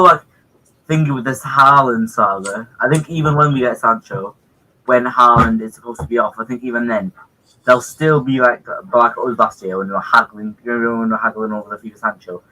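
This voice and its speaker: A man sits in as a guest on a football chat stream, his voice bright and sharp. He speaks haltingly, filling gaps with ums and throwing in jokes. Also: mid-range voice, a little hiss or hum, poor audio. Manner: hesitant, joking, many ums. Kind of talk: casual football chat on a call.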